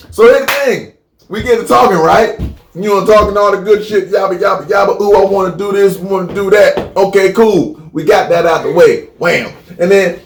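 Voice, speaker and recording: Podcast co-host, man, rants hard and curses, higher-pitched voice, echoey room. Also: slight background noise. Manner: animated, profane, repeats phrases for comic buildup. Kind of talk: crude comedic podcast rant.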